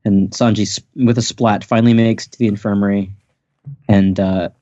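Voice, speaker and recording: A man's voice: lowish voice, fairly even intonation, normal speed, mellow, no room sound. A man hosting a podcast, recapping a manga chapter in a playful, rambling chat with lots of restarts. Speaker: podcast host. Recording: dry, dull lo-fi podcast audio.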